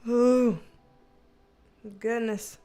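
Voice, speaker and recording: A woman's voice: fairly high pitch, level tone, drawn-out words, mellow. A woman with a Southern American accent, hosting a casual livestream, reading viewer comments and laughing often. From Southern United States. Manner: laughs often, chatty and slangy. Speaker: livestream host.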